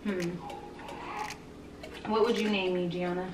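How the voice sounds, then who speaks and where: A woman with a lowish, fairly even voice speaks slowly, far from the mic, with a noisy background and music playing in a roomy space. She's a mother and vlogger chatting playfully and casually with her young daughter, saying "like" a lot.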